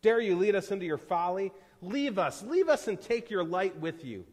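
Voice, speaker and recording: A man voicing frightened cave dwellers in a parable, shouting in shrill, alarmed voices. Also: normal speed, lightly acted. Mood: alarmed, defiant. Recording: reverberant church hall.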